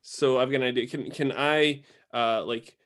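A man playing a tabletop game, talking in a halting way with many fillers. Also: mid-range voice, steady tone, fairly bright tone. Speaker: player.

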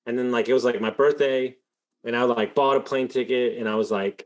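A man's voice: mid-range voice, fairly even intonation, fast talker, darkish tone. A man hosting a podcast and telling a long, rambling story in a casual way, full of fillers. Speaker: podcast host. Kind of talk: conversational storytelling.

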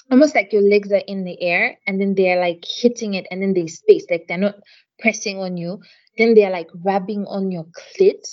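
A woman's voice: medium pitch, muffled recording. Frank, swearing woman telling a story. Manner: frank, profane storytelling full of "like" and "um". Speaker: podcast co-host. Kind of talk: casual chat.

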